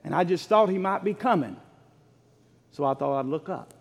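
A man preaching a sermon as pastor, fervent and swelling into shouts, calling for responses from the congregation. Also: a little high, expressive, normal speed. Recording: long reverb of a large hall.

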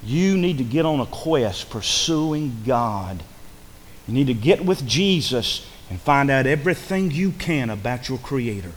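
A man preaching a sermon in a folksy, repetitive way, swinging between loud emphasis and hushed asides. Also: medium pitch, lively intonation, measured pace, a little hiss or hum. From rural upbringing. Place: church. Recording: long hall reverb.

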